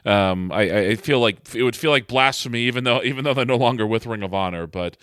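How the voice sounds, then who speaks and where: Joking, halting podcast guest man. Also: medium pitch, fairly bright tone, dry recording, studio quality. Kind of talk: casual chat.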